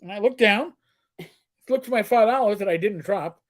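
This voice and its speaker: A man's voice: sits high, moderate pace. A middle-aged man telling stories in casual chat, crude and joking, sometimes slipping into put-on voices. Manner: storyteller who slips into put-on voices, crude jokes. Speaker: co-host.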